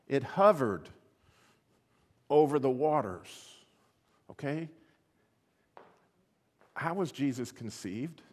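A man preaching with a slightly high voice and lots of swing in his pitch. He fires rhetorical questions at the congregation and builds toward excited exclamations. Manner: animated, rising to excited exclamations; asks the audience rhetorical questions. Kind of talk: sermon.

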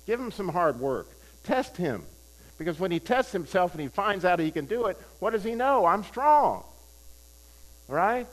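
An older male preacher with a fairly high-pitched voice delivers a sermon in a conversational tone. He hammers home his key phrases by repeating them and keeps asking the crowd questions. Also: very animated, a little slow, poor audio. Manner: conversational, asks the audience questions. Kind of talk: sermon with personal storytelling.

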